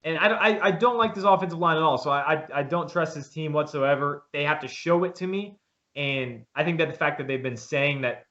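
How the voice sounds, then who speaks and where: A man's voice: fairly high pitch, brisk, fairly bright tone. A man co-hosting a casual sports podcast, talking emphatically with frequent restarts. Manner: emphatic, rambling with repeated restarts. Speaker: podcast co-host. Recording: dull lo-fi sound.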